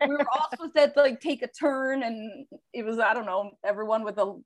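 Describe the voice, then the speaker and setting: Woman co-host, casual storyteller, self-mocking and blunt, slightly high, dry recording. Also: fairly even intonation, fairly quick, no room sound. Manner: candid, self-deprecating storytelling with swearing. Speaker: podcast co-host, parent. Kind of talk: casual chat.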